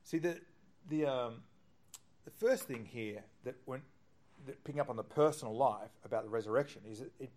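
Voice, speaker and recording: A middle-aged man preaching a sermon as pastor, swinging between hushed quoting and loud, animated bursts. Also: mid-range voice, moderate pace.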